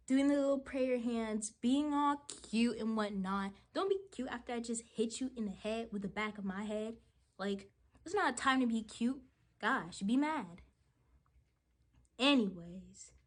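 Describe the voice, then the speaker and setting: A young woman talks straight to her camera in a casual storytime vlog, her voice sitting a little high. She retells events with animated, dramatic flair and fills her sentences with "like." She is getting ready as she talks. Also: measured pace. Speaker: vlogger.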